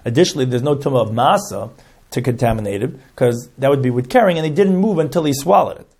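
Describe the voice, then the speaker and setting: A man's voice: mid-range voice, animated, fast talker, darkish tone, breathy edge. A man teaching a Talmud lesson, reading Hebrew and Aramaic terms and translating each into English, often stopping and restarting phrases. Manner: stops and restarts phrases while explaining. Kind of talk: explaining a Talmud text line by line.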